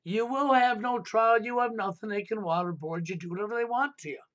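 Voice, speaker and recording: A man's voice: sits high, a little fast, fairly bright tone, lo-fi sound. A man hosting a live stream, ranting insistently and repeating rhetorical questions. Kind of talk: heated political talk stream.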